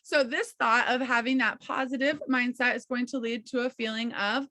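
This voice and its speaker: Bright, upbeat woman coaching on a video call. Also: fairly high pitch, fairly even intonation, moderate pace, dry recording. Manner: encouraging, chatty, many fillers and "okay, you guys". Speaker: team coach leading a mentoring call.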